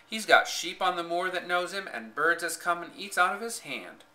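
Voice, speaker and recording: A man's voice: high voice, expressive, moderate pace, sharp tone, pitched above the performer's own voice, heavily acted, low-quality recording. A man voicing a young housemaid with a broad Yorkshire accent, blunt and cheerful in manner. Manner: broad dialect, hearty and forthright.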